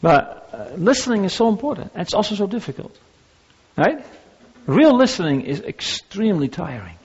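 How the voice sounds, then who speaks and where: Older man, pastor, anecdotal sermon delivery, slightly high voice, muffled lo-fi sound. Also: big pitch swings, normal speed, breathy edge. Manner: conversational, anecdotal, with frequent restarts. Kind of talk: sermon on grief and listening. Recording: dull lo-fi recording.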